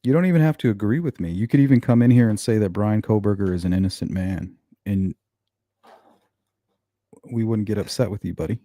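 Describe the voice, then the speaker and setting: A man's voice: lowish voice, fairly quick, warm tone, no room sound. A man hosting a casual true-crime livestream, reading comments out and answering viewers in a blunt, sarcastic way. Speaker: true-crime channel host.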